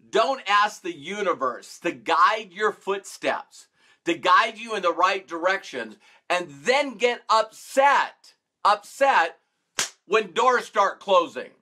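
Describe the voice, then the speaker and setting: Male motivational speaker, bright tone, lively pitch swings, emphatic storytelling. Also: slow pace. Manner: emphatic, acts out his own past reactions. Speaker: motivational coach. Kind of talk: motivational talk to camera.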